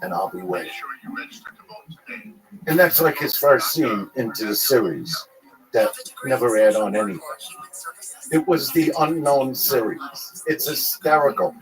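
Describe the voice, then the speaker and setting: Over music and crowd chatter, a man with a medium-pitched, animated voice tells rambling, profane stories at a measured pace in a casual interview, imitating other people's voices. The recording is rough.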